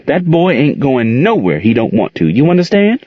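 Folksy protective old aunt, voiced by a male reader, higher than his own voice, dull sound. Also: big pitch swings, normal speed, no room sound. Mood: firm. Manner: folksy, scolding then tender. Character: warm firm older aunt raising kids.

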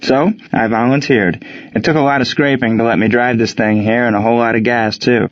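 A man's voice: mid-range voice, fairly even intonation, fairly quick, close to an everyday voice. Brash teasing army big brother, read by a man, lo-fi. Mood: cocky. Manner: cocky, teasing. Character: brash older brother soldier, joking then sincere.

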